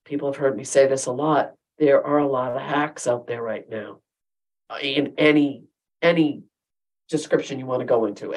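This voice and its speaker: Low-voiced woman, emphatic. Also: darkish tone, low-quality recording. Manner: emphatic, firm opinions. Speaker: podcast co-host. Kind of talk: casual chat.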